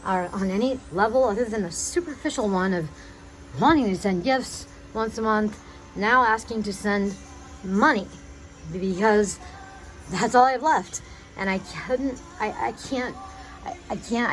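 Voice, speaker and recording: Pleading woman, halting and agitated. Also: mid-range voice, poor audio. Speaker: vlogger addressing her father. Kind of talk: emotional personal video message.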